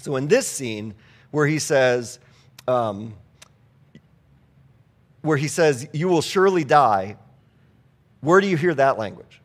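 A man's voice: medium pitch, animated, slow pace, long pauses. A man preaching a sermon in a conversational way, reading scripture aloud and asking the congregation rhetorical questions. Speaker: pastor.

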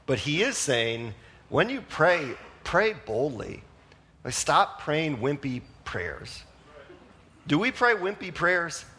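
A man's voice: on the high side, very animated, slow, bright, forceful tone, slight background noise. A male pastor preaching a sermon in a conversational manner, asking the congregation questions and often using fillers like "like" and "you know.".

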